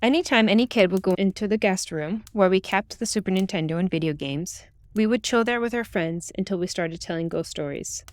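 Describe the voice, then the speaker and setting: A woman reading a true ghost story aloud in the first person, with calm, steady storytelling. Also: mid-range voice, brisk, few pauses, dry recording. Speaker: narrator. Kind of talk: scripted ghost story narration.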